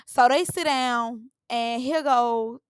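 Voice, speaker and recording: A woman's voice: fairly high pitch, takes it slowly, smooth, no room sound. A woman, giving a sassy, opinionated recap of a reality show in a casual, blunt way.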